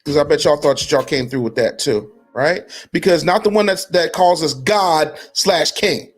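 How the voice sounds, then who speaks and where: Guy with a high voice going off on someone, mocking and cussing, faint music under it. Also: moderate pace. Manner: mocking, profane, swings between low mutters and high shouted taunts. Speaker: commentary host. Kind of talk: heated social media commentary.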